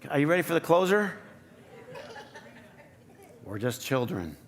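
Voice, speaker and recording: Male pastor, conversational sermon with playful asides, voice a touch high. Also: sing-song, measured pace. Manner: conversational, playful, asks the congregation questions. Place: church sanctuary.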